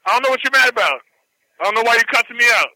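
A man working at a restaurant, answering the phone and pushing back calmly but firmly. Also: very high-pitched, rapid-fire, low-quality recording. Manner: calm but firm, repeats himself to push back. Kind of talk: phone argument. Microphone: telephone line.

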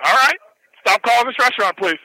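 A man at a restaurant argues over the phone, staying calm but firm and repeating himself. His voice is very bright and high, and it comes through dry and close. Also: quick pace, dry recording, rough recording. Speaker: restaurant employee answering the phone. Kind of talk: phone argument. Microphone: telephone line.

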